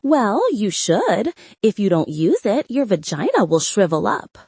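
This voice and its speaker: A woman's voice: mid-range voice, sing-song, measured pace, a little mellow, slightly rough, no echo, exaggerated voice. A woman voicing a blunt, bossy seventy-seven-year-old grandmother with a Spanish accent in an audiobook. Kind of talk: audiobook character voice.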